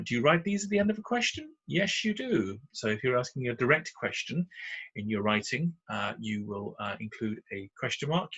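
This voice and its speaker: A man with a British accent teaching punctuation in a recorded slide lesson, explaining patiently with frequent pauses and fillers. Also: mid-range voice, sharp tone, slightly rough, muffled recording. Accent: British English.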